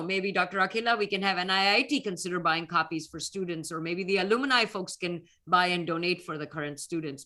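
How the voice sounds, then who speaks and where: Her voice is lowish with a sharp tone. As a guest speaker and alumna scientist, this middle-aged North Indian woman answers interview questions in Indian English, earnest and reflective until emotion comes through.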